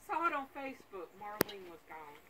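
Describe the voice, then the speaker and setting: A woman's voice: medium pitch, sing-song, brisk. A woman speaking at her father's graveside service in an emotional, preacherly way, calling out to the mourners. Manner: emotional, preacherly, with call-and-response. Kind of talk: heartfelt eulogy with preaching. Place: outdoors at a rural graveside. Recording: loud outdoor background noise.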